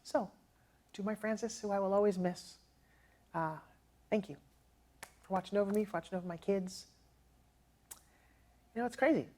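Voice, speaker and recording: A middle-aged woman telling personal stories as a motivational speaker, lively and acting out quoted dialogue with laughs. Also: medium pitch, normal speed, pauses often. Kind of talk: personal storytelling to an audience.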